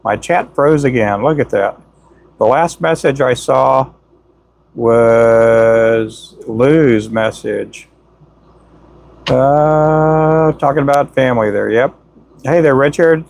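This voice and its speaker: A man hosting a casual livestream, chatting with viewers and demonstrating how to tie knots, saying "boom" as he works. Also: moderate pace, creaky, dry recording. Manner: talks while working with hands, says "boom" often. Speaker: livestream host teaching jig tying. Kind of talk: casual live-stream chat and tying demonstration.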